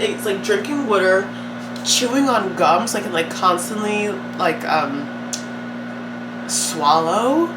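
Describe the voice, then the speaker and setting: A young woman vlogging casually, talking in a rambling way full of fillers. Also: mid-range voice. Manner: rambling, filler-heavy, animated talk. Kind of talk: casual chat. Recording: echoey room with loud background hum.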